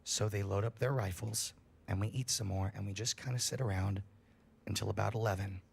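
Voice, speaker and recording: A young man reading a scary story aloud on a livestream, in a profane, animated storytelling manner. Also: lowish voice, brisk, creaky, breathy edge.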